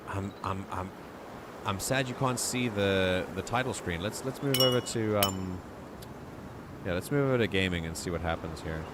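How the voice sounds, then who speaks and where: A man chatting casually to his viewers while starting a new game on a live stream, excitable, with lots of fillers and restarts. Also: sits low, no room sound.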